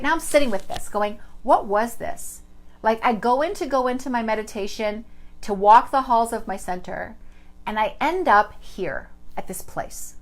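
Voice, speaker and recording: A woman hosting a live online stream as a spiritual teacher, telling a personal story in an earnest, animated way and greeting viewers by name. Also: a little high, poor audio.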